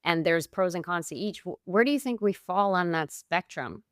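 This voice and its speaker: A woman hosting a podcast, asking measured, thoughtful questions. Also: fairly low pitch, animated, dry recording, clean studio sound. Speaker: podcast host. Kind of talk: interview questions.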